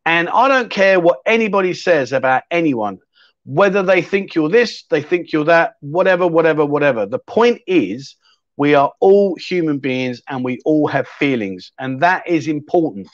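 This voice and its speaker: A middle-aged man runs a livestream in a slightly high voice. He rambles in a friendly way and picks up viewers' comments as they come in. The sound is dry and slightly dull. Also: lively intonation, normal speed, no echo. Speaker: livestream host. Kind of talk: casual livestream chat.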